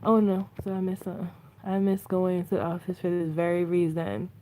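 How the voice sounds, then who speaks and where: A woman's voice: lowish voice, little pitch movement, normal speed, dark tone. A woman vlogger chatting to viewers over her phone, telling stories and laughing often. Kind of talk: casual chat to viewers on a phone stream.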